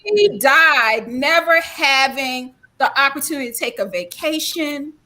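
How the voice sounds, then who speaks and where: A middle-aged woman from South Carolina, telling folksy, animated stories on a panel talk and acting out quoted people. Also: sits high, a little slow. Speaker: guest speaker.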